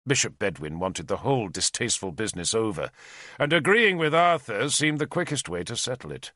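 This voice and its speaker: A man's voice: fairly low pitch, big pitch swings, brisk, pushed and bright, dry recording, studio quality. A man narrating an audiobook expressively, voicing every character. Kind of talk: scripted narration.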